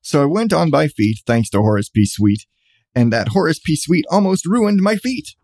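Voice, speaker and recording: A man's voice: fairly high pitch, sing-song, moderate pace, a little mellow, no echo. A man reading a rhyming children's storybook aloud with a bouncy cadence.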